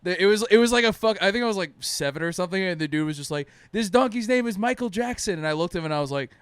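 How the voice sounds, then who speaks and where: A man's voice: a little high, very fast, fairly bright tone, clean tone, no room sound. A young man from Jordan co-hosting a podcast in casual chat, laughing often, swearing and teasing. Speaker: podcast co-host.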